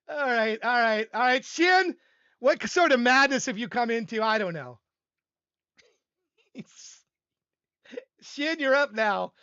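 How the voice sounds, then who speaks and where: An older man hosts a live music-review stream, talking in a rambling, self-deprecating way and laughing often. His voice is bright and animated, swinging widely in pitch. The sound is dry and a little dull. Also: dry recording. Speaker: livestream host reviewing music submissions. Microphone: desk microphone.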